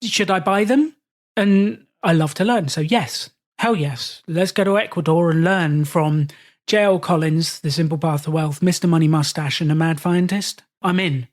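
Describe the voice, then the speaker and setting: A British man, a podcast host, telling stories in a relaxed interview and acting out the voices of people he quotes. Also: a little high, normal speed. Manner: animated, acts out quoted voices. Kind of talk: storytelling in casual conversation.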